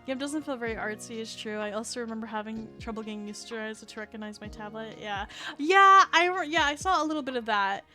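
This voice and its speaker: With faint music in the background, a woman VTuber chats from her room at home alongside her cat, using a desk streaming mic. Her fairly bright voice sits on the high side, and she talks fast with few pauses, rambling through fillers and restarts.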